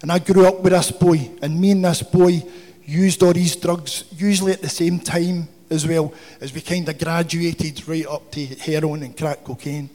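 A man's voice: a little high, steady tone, moderate pace, mellow. A man telling a humorous, profane recovery story to a meeting. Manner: swearing, humorous, confessional. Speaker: recovery speaker. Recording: hall with long reverb.

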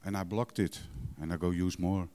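A man's voice: low voice, steady tone, normal speed, mellow. A middle-aged man candidly telling his recovery story in broken English, blunt and emotional, swearing freely. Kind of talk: candid personal testimony. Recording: long hall reverb.

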